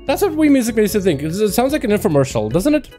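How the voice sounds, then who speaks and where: A young man hosts a casual gaming livestream, rambling and joking with his chat. His voice sits fairly high but has a mellow, soft tone. Faint music plays behind him. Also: big pitch swings, fast. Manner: chatty, rambling, jokey, talks to chat. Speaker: livestream host. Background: faint background music.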